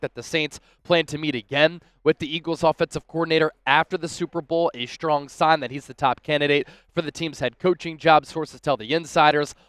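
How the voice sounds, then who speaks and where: A man's voice: fairly high pitch, a bit bright, clean tone, no room sound. A young man hosting a sports news show, talking with upbeat, enthusiastic fan energy. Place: on location at a big sports event.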